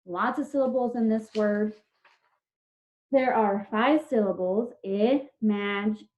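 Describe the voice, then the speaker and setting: A woman's voice: fairly high pitch, measured pace, darkish tone. Patient woman teaching spelling online. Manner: patient, step-by-step, spelling out sounds. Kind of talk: online spelling lesson for children. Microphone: video call. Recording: dull lo-fi video call audio.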